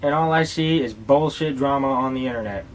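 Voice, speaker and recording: A man telling casual vlog stories in a loose, rambling way. He swears often and jokes through his tale before moving on to a product review. His voice sits at an ordinary middle pitch. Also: brisk, a little hiss or hum. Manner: rambling, profane and joking. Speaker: tobacco dip reviewer.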